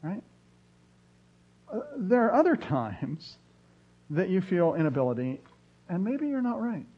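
A middle-aged man preaches a sermon, a little higher-pitched than most men. He tells stories with punchy rising bursts of emphasis. The recording sounds dull and lo-fi. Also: sing-song, a little slow, husky. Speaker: pastor.

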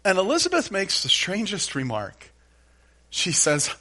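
A man preaching a sermon in a folksy, animated storytelling manner with playful asides. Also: sits high, measured pace. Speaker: pastor.

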